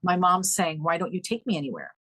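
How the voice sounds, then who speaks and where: Middle-aged woman, podcast guest, low voice, dry, animated storyteller. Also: fairly quick, slightly rough, dry recording, poor audio. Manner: animated, acts out quoted dialogue with pitch leaps. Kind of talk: emotional storytelling in conversation.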